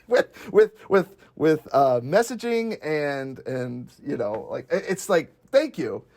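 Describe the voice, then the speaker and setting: Excitable man chatting about movies. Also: on the high side, slow. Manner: excitable, laughs often, acts out quotes. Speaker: podcast co-host. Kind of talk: casual movie chat.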